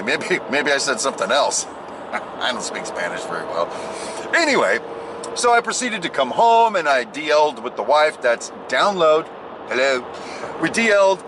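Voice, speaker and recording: Animated man telling a jokey story. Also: medium pitch, noisy background. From United States. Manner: animated, jokey, swings into loud exclaims and mimicked voices. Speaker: vlogger. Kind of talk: casual storytelling vlog.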